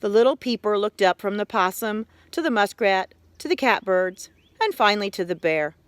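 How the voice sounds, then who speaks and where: A woman reading a children's story aloud, expressive and unhurried, in a quiet room. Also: mid-range voice, no room sound. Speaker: reader.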